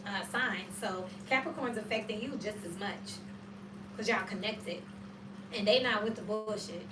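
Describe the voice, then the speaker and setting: With a medium-pitched voice against background noise, a woman gives a casual tarot reading, blunt and slangy, cursing freely. She tells stories with lots of animation. The recording is distant-miked with a roomy echo.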